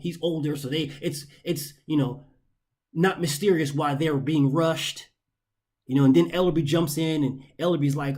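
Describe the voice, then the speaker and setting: A man's voice: a little high, a little mellow. A man hosting a boxing commentary show, ranting in an exasperated, profane way and hammering points through repetition.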